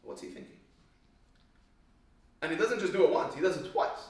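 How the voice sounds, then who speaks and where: A man teaching a Torah class to a live group, telling animated stories and quizzing the audience. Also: high voice, normal speed. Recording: echoey room, voice from far off.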